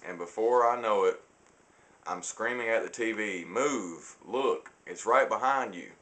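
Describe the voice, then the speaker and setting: A young man giving a prepared class speech, formal and slightly halting, with a few restarts. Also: lowish voice, fairly bright tone.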